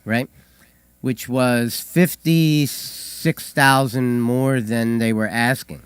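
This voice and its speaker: A hoarse man co-hosting a call-in show, telling stories with hesitant fillers and dry humor. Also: mid-range voice, fairly even intonation, slow pace, no room sound. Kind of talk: casual radio chat.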